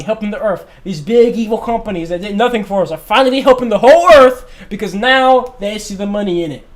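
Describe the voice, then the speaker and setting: A young man hosting a livestream, talking in a passionate, emphatic way and repeating his points. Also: high voice. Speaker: livestream host. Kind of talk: casual livestream talk.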